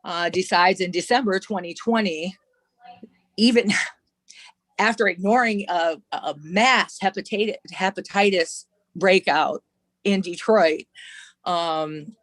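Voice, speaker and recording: A woman's voice: mid-range voice, no room sound. Woman organizer telling her story on a panel, earnest and passionate, lots of ums, dry sound. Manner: impassioned, earnest, with frequent fillers. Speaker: community organizer. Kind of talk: panel testimony.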